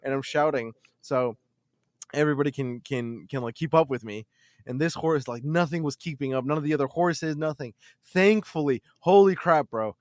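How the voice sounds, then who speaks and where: A podcast host tells a childhood story in casual, animated fashion, swearing and repeating words a lot. His voice is on the high side at a normal speed, recorded dry with studio quality.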